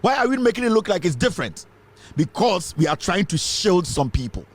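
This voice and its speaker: A man's voice: high voice, big pitch swings, fairly quick, breathy edge. A Ghanaian man giving heated, impassioned political commentary, switching between English and Twi.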